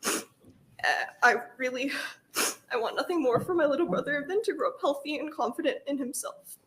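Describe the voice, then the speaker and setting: A woman's voice: high voice, fairly quick, a bit bright, slight background noise. A young woman delivering prepared testimony at a hearing, earnest and firm as she cites studies. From Nebraska. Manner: earnest, firm, reading citations.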